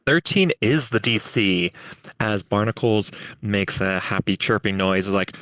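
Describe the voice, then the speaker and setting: A man narrating as game master of a tabletop game, halting with fillers. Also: deep voice, steady tone, a bit bright, no room sound, poor audio.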